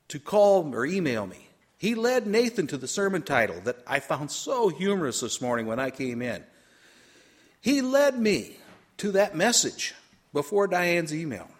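Preacher, male, husky voice, lively delivery with big swings in loudness, telling a story from the pulpit. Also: on the high side. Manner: animated, swings from loud to quiet asides. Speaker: pastor. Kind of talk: storytelling sermon.

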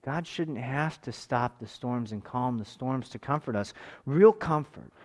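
A man in his thirties preaching a sermon, moving between forceful raised passages and quiet, intimate tones. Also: mid-range voice, unhurried. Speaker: pastor.

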